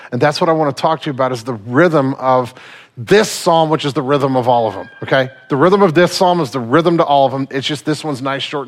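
A man's voice: on the high side, fairly bright tone. A man preaching a sermon as pastor in a church, talking in an earnest, conversational way with frequent fillers. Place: church sanctuary.

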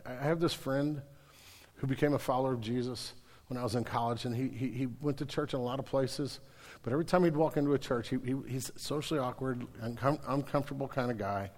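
A man preaching a sermon as pastor, animated, stammering into restarts and mimicking the people he describes. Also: medium pitch, long reverb tail.

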